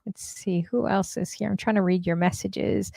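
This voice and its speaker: A woman's voice: mid-range voice, steady tone, moderate pace, gravelly, dark tone, no room sound, clean studio sound. A woman hosting a casual livestream, chatting and reading viewer messages aloud with lots of fillers. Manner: chatty, many fillers, reads comments aloud. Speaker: stream host.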